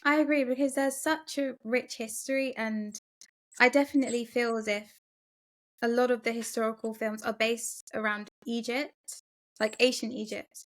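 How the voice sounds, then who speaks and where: Higher-voiced woman podcast host. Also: steady tone, moderate pace. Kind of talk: casual interview chat.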